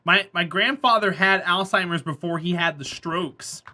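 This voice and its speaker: Bright-voiced man telling rambling stories. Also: sits high, moderate pace. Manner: rambling storyteller, laughs often. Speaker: game streamer. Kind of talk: casual chat with viewers while gaming.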